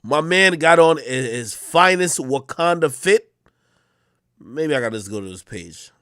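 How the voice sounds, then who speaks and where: A man hosts a live stream and mocks the clips he plays with sarcastic, animated commentary. His pitch swings widely as he reacts. The room sounds dry and close. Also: a little slow, dry recording. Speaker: streamer host.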